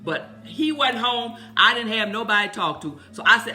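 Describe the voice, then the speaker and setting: A woman's voice: on the high side, lively intonation, normal speed, bright, forceful tone, soft background music. A woman in her fifties chatting live on Facebook from home into a phone, blunt, profane, emotional and rambling. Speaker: livestream host.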